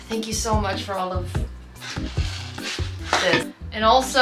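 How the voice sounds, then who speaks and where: A woman's voice: mid-range voice, echoey room. A young woman vlogging casually as she unboxes gifts, playful, with squeals and giggles. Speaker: YouTuber.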